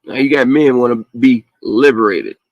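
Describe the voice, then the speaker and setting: A man speaking in a loose, profane, animated rant, punctuated by laughter. His voice sits at an average pitch. The recording is dry and close. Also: normal speed, no echo, highs cut off. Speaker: podcast host. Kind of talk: casual opinionated chat.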